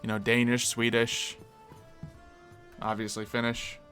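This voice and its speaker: American male streamer, casual and talkative, bright tone, faint music under him. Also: mid-range voice, monotone, unhurried. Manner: chatty, answers chat requests aloud. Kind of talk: casual live-stream chat. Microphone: desk mic.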